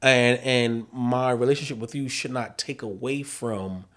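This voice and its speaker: A man co-hosting a casual podcast about marriage and faith. His voice is mid-pitched for a man, and he speaks earnestly and emphatically, drifting into a gently preachy tone. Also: fairly even intonation, a little slow. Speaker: podcast co-host.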